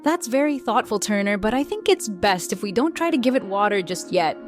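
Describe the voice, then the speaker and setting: A woman reading as a gentle, reassuring mom. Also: mid-range voice, big pitch swings, fairly quick, soft background music, lightly acted. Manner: soft, reassuring, patient. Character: gentle, calm mother who heals creatures. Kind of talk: bedtime story reading.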